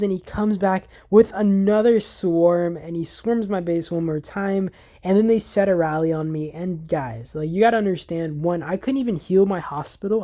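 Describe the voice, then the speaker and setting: Mellow-voiced excitable gaming commentator, man. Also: sits high. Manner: excitable and exasperated, stumbling restarts, addresses viewers as guys. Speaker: gaming channel host. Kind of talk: casual gameplay commentary.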